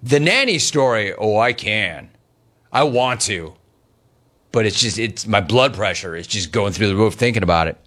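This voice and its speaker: A man's voice: fairly low pitch, normal speed. A middle-aged man hosting a talk show, reading listener gripes aloud and teasing callers. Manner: teasing, animated, mock-outraged. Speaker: radio talk show host. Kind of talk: reading listener messages on live radio.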